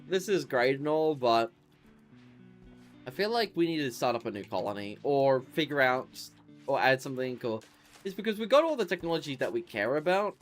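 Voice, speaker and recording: A drowsy man chats casually through a gaming stream, reading menu items aloud in a flat, wandering way. His voice sits at a middling pitch, with soft game music playing faintly behind him. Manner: reads menu items aloud, tired and rambling. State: sleepy, yawning. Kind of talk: casual gameplay commentary.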